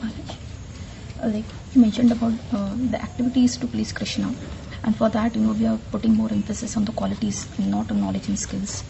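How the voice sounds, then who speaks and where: A woman's voice: a little high, level tone, a little fast, creaky, mellow, a little hiss or hum, low-quality recording. A woman asking a question in class, hesitant with many fillers.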